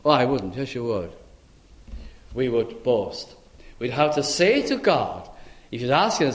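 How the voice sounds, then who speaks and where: A man's voice: mid-range voice, big pitch swings, measured pace, long pauses. An older man from Britain preaching a sermon, asking rhetorical questions and voicing imagined speakers.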